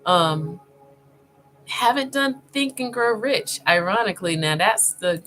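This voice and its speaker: A woman vlogger talking casually as she browses online, thinking aloud with many pauses and fillers, and speaking directly to her viewers. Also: mid-range voice, expressive, fairly bright tone, a little hiss or hum, rough recording. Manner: addresses viewers informally.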